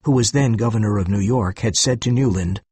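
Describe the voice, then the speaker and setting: Male narrator, very husky voice, dry close sound, measured reading. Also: fairly low pitch, a little mellow, dry recording. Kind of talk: scripted story narration for learners.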